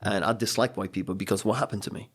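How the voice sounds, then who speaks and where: A middle-aged man from Poland sits as a podcast guest and recounts his life with animated storytelling. His voice sits low and a little husky. He slips into other people's voices as he quotes them. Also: racing. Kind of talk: storytelling in casual chat.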